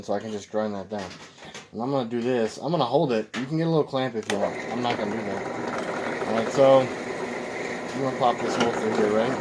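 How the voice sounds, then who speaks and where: A man demonstrating knife making in his workshop, talking casually and rambling with joking asides to viewers. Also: medium pitch. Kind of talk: casual unscripted workshop demo. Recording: noisy workshop with machine noise.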